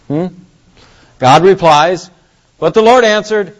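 This pastor has a high voice and speaks slowly, leaving long pauses, and the recording cuts off the highs. He delivers a conversational sermon, putting questions to the congregation and acting out the voices of Moses and God in a story.

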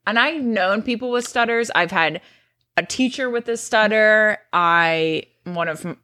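Young woman cohost, bright clear voice, rambly chatty stories, dry close sound, living room podcast. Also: mid-range voice, measured pace, dry recording. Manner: chatty storyteller, earnest and rambling. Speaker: podcast co-host. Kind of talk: casual chat.

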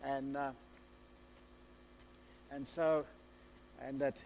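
A man preaching a sermon, retelling scripture in an excitable, storytelling way, often repeating and restarting his phrases. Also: high-pitched, fairly quick, slight background noise.

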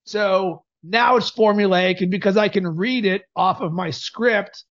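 A man hosting a podcast, coaching in an energetic, emphatic way. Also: sits high, a little slow, highs cut off.

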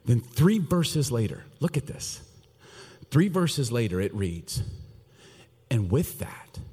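A middle-aged male pastor delivering a sermon with a lively, swooping pitch and a faintly husky tone. He moves from loud, animated bursts down to quiet, hushed lines. His voice rings out with the long reverb of a large church hall.

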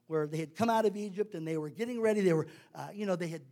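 A man's voice: sits high, fast talker, dark tone. A male preacher delivering a sermon in a conversational, emphatic way, repeating words for stress.

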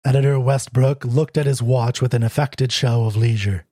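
A man narrating a classic short story in a measured, low tone. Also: dark tone, slightly rough, no room sound, studio quality. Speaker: audiobook narrator.

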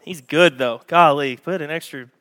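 A man preaching a sermon to a congregation, animated and storytelling, acting out scenes with raised voices. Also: a little high, normal speed. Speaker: pastor. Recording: echoey hall.

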